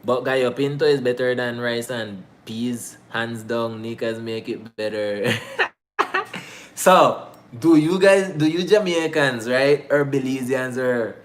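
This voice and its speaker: A man's voice: mid-range voice, slow pace. A man from Bluefields, Nicaragua, with a Nicaraguan Creole English accent, answering viewer questions in a slangy, joking casual chat.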